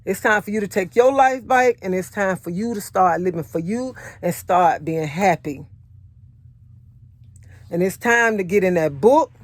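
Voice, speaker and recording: A woman's voice: medium pitch, lively intonation, a little slow, no echo. A married woman giving a motivational faith talk, repeating her points earnestly and sharing her own testimony in casual speech. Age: adult, married. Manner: repetitive, earnest, conversational preaching; personal testimony in casual vernacular. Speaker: faith encourager.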